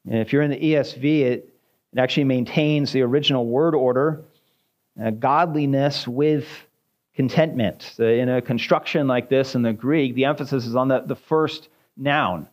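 A male pastor delivering a careful, verse-by-verse sermon. He speaks at a middling pitch and in a measured teaching manner, often pausing on fillers as he explains. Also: steady tone, darkish tone. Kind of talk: expository sermon.

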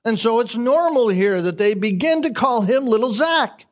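A man preaching an expository sermon, animated, acting out the crowd's reactions as he retells the story. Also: very high-pitched, moderate pace.

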